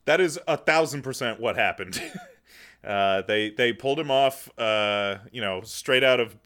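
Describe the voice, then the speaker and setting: A man's voice: mid-range voice, a little slow, fairly bright tone. A man co-hosting a podcast in casual chat, laid-back, swearing casually and laughing often. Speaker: podcast co-host.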